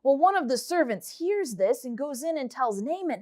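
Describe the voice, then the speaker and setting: A high-voiced woman teaches a children's Bible lesson. She reads scripture aloud and retells it in lively, casual storytelling. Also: normal speed, hardly any pauses.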